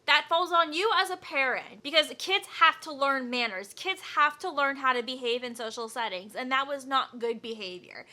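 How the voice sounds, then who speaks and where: A young woman with a high, bright voice. She reacts to videos bluntly, swearing freely, and sounds fed up and outspoken. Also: moderate pace, hardly any pauses. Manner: blunt, profane and exasperated. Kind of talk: casual reaction commentary.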